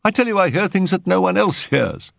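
A man's voice: high voice, animated, fairly quick, gravelly, a bit bright, no echo, studio quality, voice pushed up, heavily acted. A man voicing an agitated, earnest young man who fears he is losing his mind, in a storybook reading. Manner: tense, pleading, insistent. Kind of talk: audiobook character reading.

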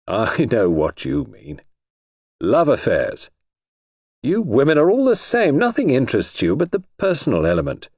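Man doing bantering husband, hidden menace, smooth, audiobook, dry. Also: medium pitch, huge pitch swings, normal speed, a little mellow, no room sound, pitched above the performer's own voice, heavily acted. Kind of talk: audiobook reading.

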